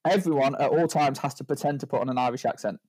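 A man's voice: medium pitch, fast, darkish tone, husky, no room sound. A man co-hosting a casual podcast chat, rambling and joking, tagging lines with "right?". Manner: rambling, jokey, stacks up "right?" tags. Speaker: podcast co-host.

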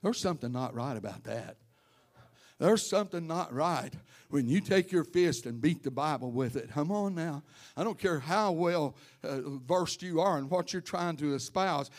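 A male pastor preaching a sermon to his congregation in church, telling stories and calling out members by name, rising to loud fervent preaching. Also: a little high, animated, moderate pace.

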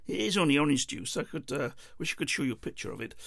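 A man's voice: fairly high pitch, animated, fast talker, vocal fry, fairly bright tone, dry recording. A man telling a travel story in a casual, meandering monologue, chuckling and interrupting himself as he goes.

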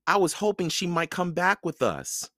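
A man reading aloud and voicing an eager, curious young girl in a storybook, in a high, breathy voice. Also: very animated, moderate pace, fairly bright tone, no echo, clean studio sound. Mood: wistful.

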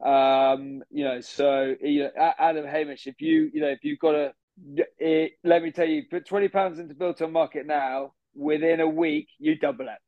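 A man's voice: on the high side, moderate pace, vocal fry, dry recording, narrow, tinny audio. A man playing a smug posh bro. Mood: boastful. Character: smug posh young City bro, boastful gym fanatic. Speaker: podcast guest. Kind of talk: improvised character comedy.

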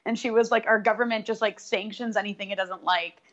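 A woman's voice: medium pitch, fairly even intonation, brisk. Indignant woman on a slightly muffled line. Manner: indignant, casual with many "like"s. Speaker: political commentary co-host. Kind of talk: casual political discussion.

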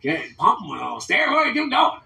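Podcast host, American man, profane and animated, mocks others' voices; bright tone, roomy room. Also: very high voice, quick pace, gravelly. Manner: profane, animated ranting with mocking quoted voices. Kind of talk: casual podcast rant. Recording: roomy, mic at a distance.

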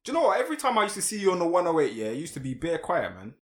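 A man's voice: on the high side, wildly swooping pitch, very fast, roomy sound. A man with a London accent hosting a podcast, asking questions in an easygoing, teasing way. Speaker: podcast host. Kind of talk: casual podcast interview.

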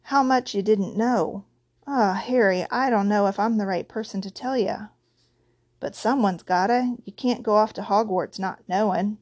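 Woman reader doing Hagrid: huge gruff gamekeeper, dropped endings, storybook voice. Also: medium pitch, moderate pace, darkish tone, no room sound, natural voice. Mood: anxious. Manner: rough dialect, dropped endings. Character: huge gruff male gamekeeper, big-hearted.

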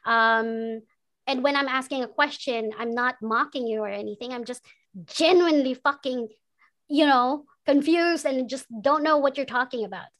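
High-voiced, frank woman. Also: moderate pace, fairly bright tone. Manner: frank and profane, laughs often, switches between English and Tagalog. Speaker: podcast guest. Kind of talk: candid conversational interview.

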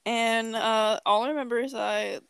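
A young woman with a high voice tells a rambling story in a loose, profane, joking chat. The sound is dry and close, with no room around it. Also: fairly even intonation, normal speed, vocal fry, fairly bright tone, smooth, no echo. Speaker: podcast co-host. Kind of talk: casual chat.

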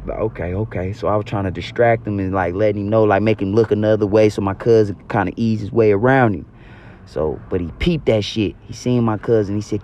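A man's voice: fairly low pitch, fairly quick, a little mellow. A young man telling a personal story to the camera, casual, slangy and full of profanity. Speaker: storyteller vlogger.

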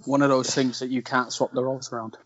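A man's voice: medium pitch, little pitch movement, fast, fairly bright tone, dry recording. Guy riffing on a movie, dry muffled mic, mid voice. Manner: joking, chatty, swears often. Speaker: podcast co-host. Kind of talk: casual film chat.

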